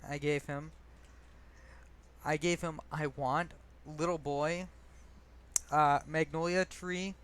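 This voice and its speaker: A man's voice: fairly high pitch, steady tone, slow, pauses often, a bit bright, a little hiss or hum. A young man casually telling stories and reading his own poetry, rambling and self-deprecating, with many fillers and restarts.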